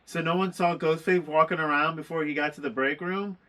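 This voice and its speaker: A man's voice: on the high side, steady tone, fairly quick, a bit bright. A man co-reviewing a film in casual chat, chiming in with points and trailing off. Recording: distant from the mic.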